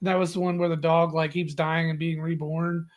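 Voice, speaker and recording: A man co-hosting a casual podcast in a relaxed way, reading viewer comments aloud. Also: on the high side, moderate pace. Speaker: podcast co-host. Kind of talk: casual chat.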